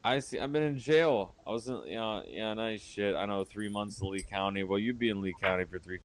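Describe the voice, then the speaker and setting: A man's voice: fairly low pitch, fairly quick. A man from Florida hosting a heated live-stream call, drinking as he talks, rambling and combative and repeating himself. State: drinking while talking.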